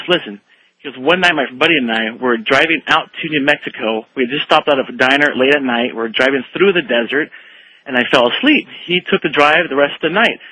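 A fairly high, bright male voice with a breathy edge, calling in to a late-night radio show. He rambles eagerly and acts out every quote. The sound is close and dry. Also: no echo, low-quality recording. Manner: rambling, animated storyteller who acts out quotes. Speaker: caller. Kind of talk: telling a story on a call-in radio show.

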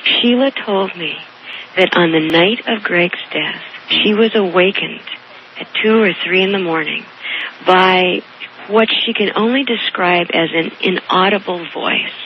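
A county coroner earnestly retelling a case in an interview, measured and careful, with small restarts. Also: medium pitch, lo-fi sound, a little hiss or hum. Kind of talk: storytelling in an interview.

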